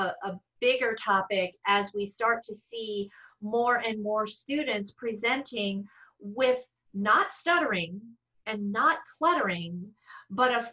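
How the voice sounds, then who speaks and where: A woman's voice: fairly high pitch, bright, forceful tone, muffled recording. A middle-aged woman, a speech-language pathologist, talking casually to fellow clinicians with frequent restarts and self-deprecating asides over a video call.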